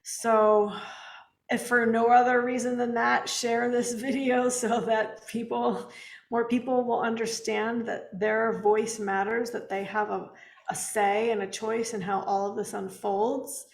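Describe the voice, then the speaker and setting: A woman co-hosting a casual spiritual livestream from home, earnest and gentle with soft laughs, sounding tired. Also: fairly high pitch, flat delivery, a little slow, vocal fry, echoey room. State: tired, yawning. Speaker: co-host.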